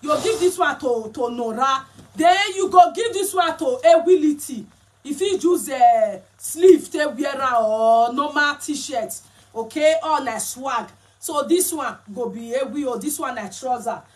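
A woman's voice: sits high, animated, measured pace. A woman with a Nigerian accent chatting casually as a vlogger while explaining and showing clothes. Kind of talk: casual chat.

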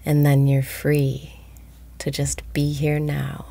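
A woman guiding a meditation, speaking slowly and softly, often breathy and whispered. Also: low voice, monotone. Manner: slow, soft-spoken, often breathy and whispered. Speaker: meditation guide. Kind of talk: guided meditation.

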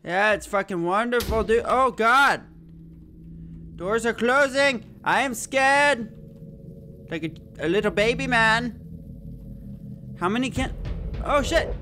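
A man's voice: very high-pitched, lively intonation, slow, long pauses, sharp tone, a little hiss or hum. A man hosting a horror game playthrough, jumpy and swearing, with frequent startled yelps. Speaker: let's play host.

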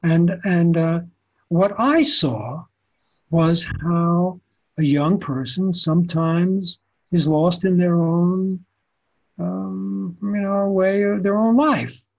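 An older photographer tells anecdotes in a relaxed interview. His voice is husky and sits slightly high. He talks animatedly and often restarts his phrases. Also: slow pace, rough recording. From the Bronx, New York. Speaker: photographer guest. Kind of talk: conversational storytelling interview.

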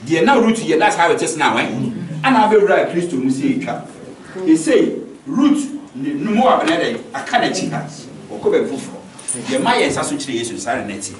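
A man preaching a sermon to a congregation, telling a Bible story in a lively, animated way and slipping English phrases into his speech. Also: on the high side, normal speed, crowd noise. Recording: echoey room from far off, with a congregation.

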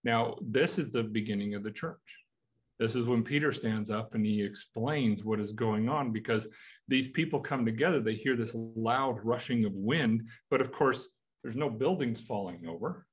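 Husky American male Bible teacher, casual and explaining, poses questions to his class. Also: medium pitch, moderate pace. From United States. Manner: conversational, asks rhetorical questions.

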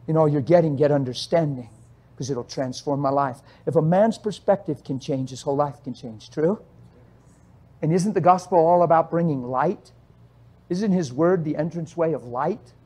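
A male pastor in full sermon flow, his voice sitting fairly high for a man. He pleads and presses the congregation with quick rhetorical questions, dropping to a near hush and then climbing back to a loud, urgent pitch. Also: breathy edge. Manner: impassioned, swings between hushed and loud; asks rapid rhetorical questions.

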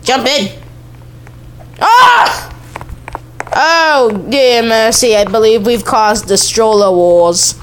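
High-voiced, unhurried excitable woman gamer. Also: a little hiss or hum. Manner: excitable, exclaims and repeats herself. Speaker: gaming YouTuber. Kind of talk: let's-play game commentary.

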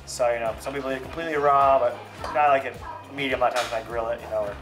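In his home kitchen, a man who hosts a family fishing channel makes a casual cooking vlog, chatting easily and explaining each step. His medium-pitched voice is steady in tone but rapid-fire, with music playing underneath.

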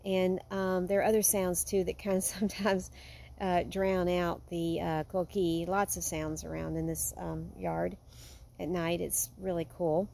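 A woman vlogging at home, talking in an earnest, heartfelt way that sometimes drifts soft and quiet. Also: fairly low pitch, flat delivery, measured pace, vocal fry, slight background noise. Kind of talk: casual vlog monologue. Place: home with a yard.

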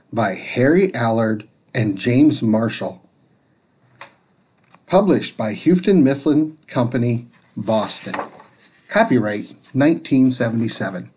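A man, a teacher, reading a picture book aloud to children in a gentle, expressive way from a spare room at home. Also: mid-range voice, slow, a little hiss or hum.

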